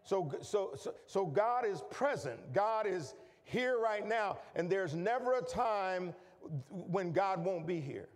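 High-voiced preacher in a reverberant hall. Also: male voice, expressive, takes it slowly. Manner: repetitive, call-and-response, builds to shouting. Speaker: pastor. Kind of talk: sermon. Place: church sanctuary.

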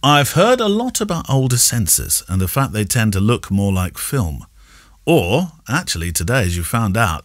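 Animated man with received pronunciation. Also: on the low side, no echo, clean studio sound. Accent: received pronunciation English. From Yorkshire, England. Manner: chatty, playful, laughs often. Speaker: podcast co-host. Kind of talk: casual podcast chat.

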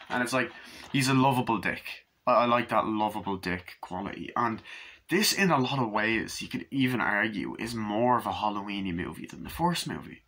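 A man reviewing a film in a casual, excited way, swearing often and acting out quoted lines, with a husky voice. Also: lowish voice, normal speed. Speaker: movie reviewer.

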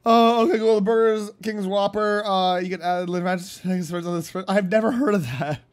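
A streamer reacting live to a video, excitable and laughing often. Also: mid-range voice, moderate pace.

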